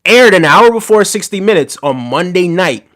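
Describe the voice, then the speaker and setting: A man's voice: sits high, expressive, moderate pace, fairly bright tone. A man casually chatting on a live stream about politics, mocking and talking straight to his viewers' messages. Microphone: desk microphone.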